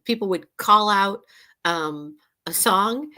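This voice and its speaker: A woman's voice: medium pitch, slow pace, sharp tone. A woman co-hosting a casual podcast chat, telling rambling, reflective anecdotes. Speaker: co-host, astrologer.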